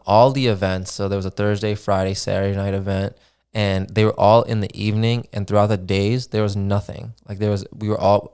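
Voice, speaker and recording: A young man talks loosely into his podcast mic, his voice sitting a bit low. He rambles through a story with plenty of "dude", "man" and swearing, relaxed and unhurried. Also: smooth. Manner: laid-back, swears freely, many fillers like "dude" and "man". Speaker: podcast host. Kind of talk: casual solo podcast storytelling.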